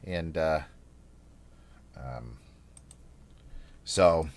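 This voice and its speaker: A man's voice: rumbling low, extremely slow. A man streaming a game, chatting casually in a rambling, playful, over-the-top way full of fillers. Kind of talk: casual live-stream chat.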